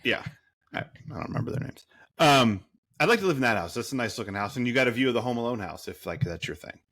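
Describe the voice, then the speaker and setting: A man's voice: medium pitch, animated, quick pace, fairly bright tone. A man co-hosting a movie podcast in casual chat, rambling and cursing, full of fillers and restarts. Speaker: podcast co-host.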